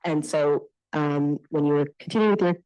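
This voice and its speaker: A woman's voice: low voice, normal speed, warm tone, low-quality recording. A woman in the audience asking a presenter a question at a conference, politely and with some hesitation. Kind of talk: question from the floor. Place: conference room.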